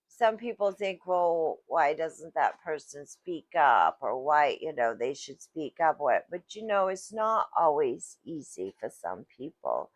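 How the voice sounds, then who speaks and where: A woman vlogger talking about her life in a casual, reflective monologue, halting and searching for words, recorded on a phone. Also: low voice, very animated, no room sound. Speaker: vlogger sharing personal story.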